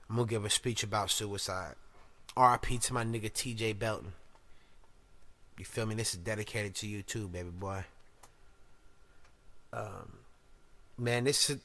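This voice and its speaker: Bright-voiced profane podcast host. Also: male voice, medium pitch. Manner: loud, swearing rants with shouted put-on voices. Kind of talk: profane casual monologue.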